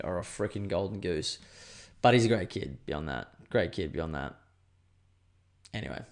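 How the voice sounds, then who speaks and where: A young man hosting a solo podcast, chatting casually and swearing as he rambles through stories. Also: lowish voice. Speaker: podcast host.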